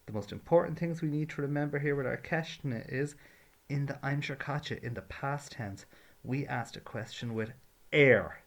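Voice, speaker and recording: A man's voice: medium pitch, normal speed, vocal fry. A man teaching a patient, step-by-step grammar lesson. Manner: patient, explains carefully, drills verb forms. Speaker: Irish language teacher.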